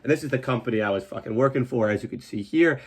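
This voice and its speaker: Recounting an old job for laughs, this comedian host curses freely and performs other people's lines in a raised, excited pitch. His delivery is animated, fast, and breathy at the edges.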